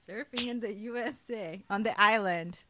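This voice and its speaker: A woman's voice: mid-range voice, pushed and bright. A woman interviewing a guest in a casual chat, giving short agreeing replies and laughing often. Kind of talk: casual conversation.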